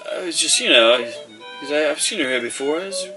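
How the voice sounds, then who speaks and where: A man's voice: on the high side, expressive, quick pace, music in the background, pitched above the performer's own voice, natural voice, rough recording. A man voicing a broad human merchant who stammers nervously and dodges questions. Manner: stammering, evasive.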